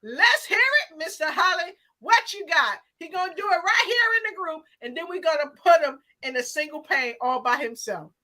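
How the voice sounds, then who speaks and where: A woman's voice: very high voice, animated, moderate pace, few pauses, pushed and bright, dry recording, low-quality recording. A woman hosting an online show over a video call, exuberant, cheering and whooping her guests on. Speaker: host.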